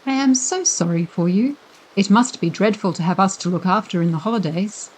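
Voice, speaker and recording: Woman voicing a smooth-talking polite schoolboy. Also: mid-range voice, fairly quick, a little mellow, natural voice, low-quality recording. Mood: earnest. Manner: overly polite, earnest. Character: polite, scheming schoolboy, charming and earnest.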